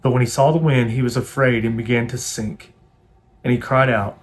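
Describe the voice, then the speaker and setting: A man's voice: medium pitch, steady tone, normal speed. A male pastor giving an earnest devotional sermon and leading a pleading, repetitive prayer.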